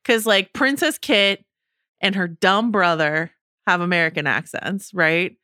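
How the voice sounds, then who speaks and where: Woman podcast co-host, bright and crisp, lively questioning, dry close mic. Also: on the low side, no room sound. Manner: animated, quick questions with playful counterpoints. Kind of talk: casual chat.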